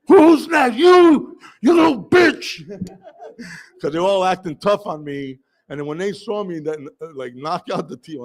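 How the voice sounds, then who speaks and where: A middle-aged man from New York City telling a personal story with vivid, animated delivery, mimicking voices and bursting into shouts. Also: medium pitch.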